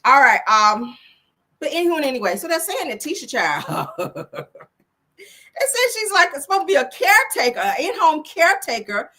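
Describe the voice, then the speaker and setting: A woman's voice: high-pitched, sing-song, moderate pace, pushed and bright. A woman hosting a casual celebrity gossip livestream, sassy and profane, laughing often and talking straight to her viewers.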